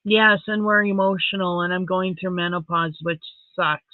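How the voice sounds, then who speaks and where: A middle-aged woman from Saskatchewan hosts a casual live stream. She chats softly and emotionally and reads viewer comments aloud. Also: on the low side, fairly even intonation, moderate pace, dry recording. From Saskatchewan, Canada. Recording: tinny phone-like dry sound.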